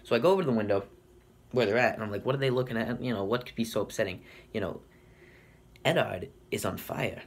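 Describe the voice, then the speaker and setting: A young man telling a rambling, deadpan comic story in a casual way, full of fillers and swearing. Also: lowish voice, fast, husky. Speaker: comedic storyteller. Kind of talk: deadpan comedic monologue.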